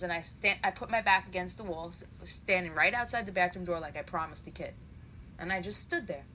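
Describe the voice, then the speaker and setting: A woman telling a comic story in a profane, animated way, acting out each part. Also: lowish voice, a little hiss or hum, rough recording.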